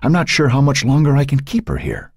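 A man's voice: medium pitch, wildly swooping pitch, fairly quick, darkish tone, husky, no room sound, studio quality, voice pushed up, heavily acted. A man voicing a worried, weary middle-aged woman in an audiobook. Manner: anxious, weary. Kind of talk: audiobook character voice.

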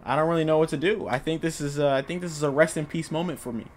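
Excitable young man doing game commentary. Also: a little high, quick pace, a little hiss or hum. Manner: jokey, excitable, yells when startled. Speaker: gaming YouTuber. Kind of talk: let's play commentary.

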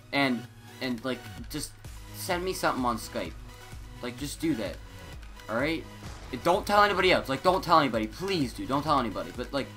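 Rambling excitable teen boy gamer. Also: mid-range voice. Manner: scattered, self-interrupting, excitable. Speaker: gaming YouTuber. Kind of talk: rambling casual commentary.

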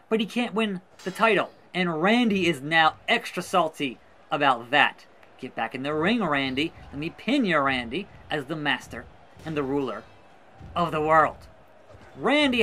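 A man's voice: high voice, sharp tone. A man giving casual gameplay commentary, calling a wrestling match in a mock play-by-play style with sarcastic asides. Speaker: gaming YouTuber. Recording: faint music behind.

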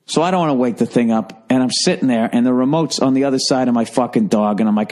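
A man in his forties with a Boston accent hosts a solo podcast, launching into a profane, rambling comedic rant. His voice is medium in pitch, fast and darkish in tone.

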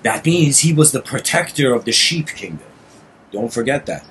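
A man spins a loose, rambling parable as a casual lecture. He keeps backtracking and restarting his phrases. His voice sits at a middling pitch, with faint noise underneath. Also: expressive, moderate pace. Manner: meandering, restarts phrases, frequent "you know".

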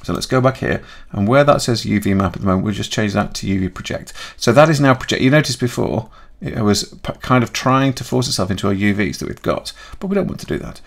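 Low gravelly man explaining software. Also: quick pace, few pauses. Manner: chatty, thinking aloud, self-correcting. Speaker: software tutorial host. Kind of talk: screen-recorded software tutorial.

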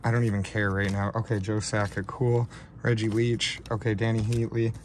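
A man hosting a casual card-opening vlog, talking in a slow, low-key way and getting shaky and overwhelmed with excitement. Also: slight background noise. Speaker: card-breaking channel host.

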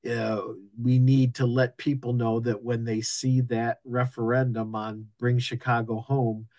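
A man, a union local president, giving town hall remarks haltingly, with many ums and restarts. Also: mid-range voice, little pitch movement, a little mellow.

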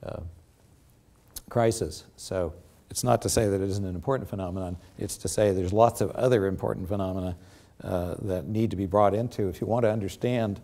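Halting older man giving a lecture. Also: sits low, fairly even intonation, warm tone. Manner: halting, many fillers and restarts. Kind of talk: academic lecture with slides. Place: lecture theatre.

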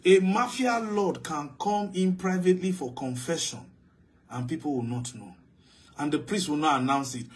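A man preaching with real force, his voice pitched a little higher than most men's. He builds to loud, emphatic declarations and then drops to low, quiet asides, as a pastor working through a sermon. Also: moderate pace.

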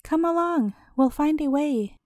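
A woman voicing a brave young fox cub in a storybook, calm and reassuring. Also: high voice, unhurried, no room sound, clean studio sound, voice pushed up.

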